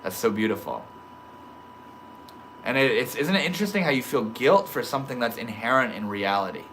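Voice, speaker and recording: A young man hosting a casual livestream from home, reading chat comments aloud and reacting with easygoing slang and swearing, dropping from soft murmurs to sudden loud excited outbursts. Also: mid-range voice, brisk, slight background noise. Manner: swears casually, laid-back stoner slang.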